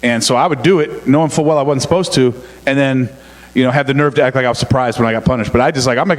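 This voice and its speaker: A man's voice: mid-range voice, racing, big-room sound. A middle-aged man telling family stories in a casual, joking sermon, poking fun at himself. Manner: joking, self-mocking, chatty. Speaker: pastor's son, co-preacher.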